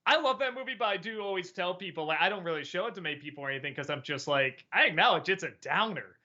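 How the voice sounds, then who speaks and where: Hesitant, lively-voiced man musing on a stream. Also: sits high, fast talker, lo-fi sound. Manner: musing, hesitant, many ums and restarts. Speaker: host. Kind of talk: casual live-stream Q&A.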